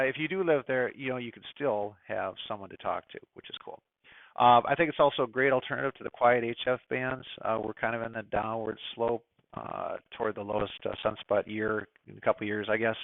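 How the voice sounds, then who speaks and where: A man's voice: medium pitch, no echo. Chatty middle-aged man on a tinny line. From United States. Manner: chatty, opinionated, many fillers and asides. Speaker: ham radio club presenter. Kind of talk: casual presentation talk. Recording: dry, phone-like narrow sound.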